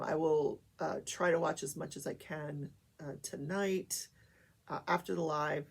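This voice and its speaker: Older woman with a gravelly, husky voice. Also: deep voice. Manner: chatty, many fillers, acts out quotes. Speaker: talk show host. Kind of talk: casual trial recap.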